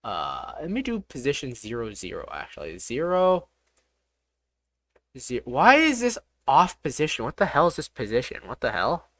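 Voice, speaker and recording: A game developer streaming live, talking through each step aloud, excitable and swearing often. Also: mid-range voice, normal speed, no echo. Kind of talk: live-streamed coding commentary.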